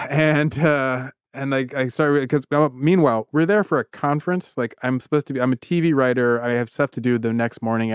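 A man's voice: medium pitch, smooth, no echo, clean studio sound. A man co-hosting a podcast, telling a story in casual chat and acting out the voices of the people in it. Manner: animated storyteller, acts out other voices. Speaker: podcast co-host.

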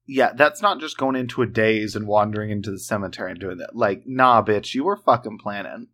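A man's voice: lowish voice, fairly quick, pushed and bright. A man co-hosting a podcast, reacting with blunt disbelief and casual swearing. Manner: incredulous, blunt, swears freely. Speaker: podcast co-host. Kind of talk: casual chat.

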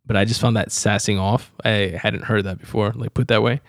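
Young male podcast host, low and gravelly, loose chatty delivery, dry close sound. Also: fairly even intonation, fairly quick, no echo. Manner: rambling, loose, laughs often, swears casually. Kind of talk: casual solo podcast review.

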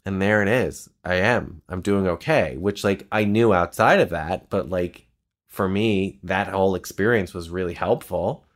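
A man's voice: sits low, normal speed, fairly bright tone. A young man in casual conversation, telling a personal story in a rambling, heartfelt way with lots of filler words. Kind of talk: casual chat.

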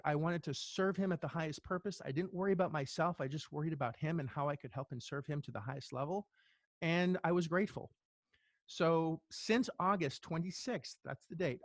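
A middle-aged man telling a personal story as an interview guest, earnest and halting, with many restarts. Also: a little high, no echo. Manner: earnest, halting, tearful at times.

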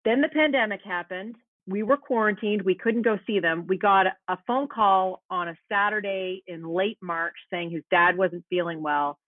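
A woman's voice: mid-range voice, moderate pace, no room sound. An earnest woman recounts a painful personal story as an interview guest. Her voice comes through thin and tinny, like a phone call, with no room sound around it. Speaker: guest, meteorologist. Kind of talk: remote interview, personal account.

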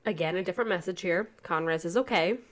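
A woman's voice: lowish voice, fast, fairly bright tone. A woman co-hosting a casual talk podcast, speaking earnestly and reading text messages aloud in a plain voice. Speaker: podcast co-host.

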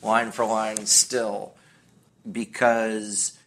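Rambling storyteller man, low voice. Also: little pitch movement, drawn-out words, a bit bright, slight background noise. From United States. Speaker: guest. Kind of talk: casual podcast chat.

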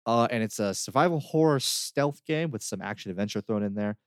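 Brief: man, lower voice, relaxed podcast co-host, dry close sound, chatty with fillers. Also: a little fast, dry recording. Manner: easygoing, laughs often, many fillers. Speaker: podcast co-host reviewing games. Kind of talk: casual chat.

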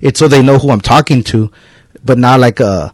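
A man's voice: medium pitch, normal speed, a little mellow, dry recording. A man hosting a podcast in a loose, casual chat, rambling with lots of filler words. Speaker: podcast host. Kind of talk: casual conversational interview.

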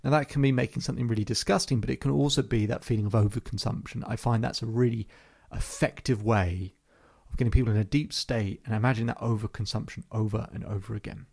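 A man with a gravelly, husky voice tells a client story at an even, measured pace. He repeats phrases as he goes, like a therapist walking a listener through a session. His delivery stays calm throughout. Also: medium pitch. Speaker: hypnotherapist and podcast host. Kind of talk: storytelling podcast monologue.

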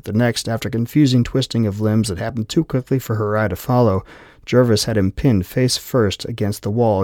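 A man narrating an audiobook in steady scripted narration. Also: fairly low pitch, no echo, clean studio sound.

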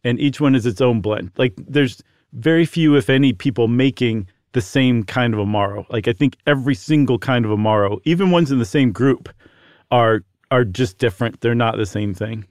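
Man, mid-pitched voice, friendly explainer, casual podcast talk, dry close mic. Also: moderate pace, a little mellow, no room sound. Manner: friendly, explains at length with fillers and asides. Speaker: podcast co-host.

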